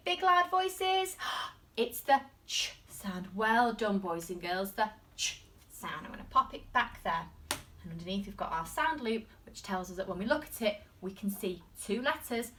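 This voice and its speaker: A woman with an English accent teaching a phonics lesson to young children, using an animated, exaggerated sing-song classroom voice. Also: medium pitch, distant mic. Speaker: primary school teacher.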